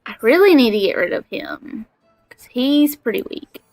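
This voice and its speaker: A woman's voice: on the high side, sing-song, normal speed, a little mellow, no room sound, faint music behind. A young woman from Alabama with a Southern accent, chatting in a bubbly, giggly way while she streams a game. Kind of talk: casual gaming livestream chat.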